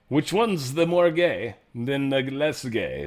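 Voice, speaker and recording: A man's voice: mid-range voice, big pitch swings, normal speed, few pauses. A man hosting a show, giving a casual news commentary monologue in an irreverent, joking and often profane way. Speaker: show host.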